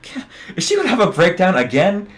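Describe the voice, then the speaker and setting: A man's voice: high voice, wildly swooping pitch, a little fast. A man streaming a game, joking and muttering asides to his viewers in casual commentary.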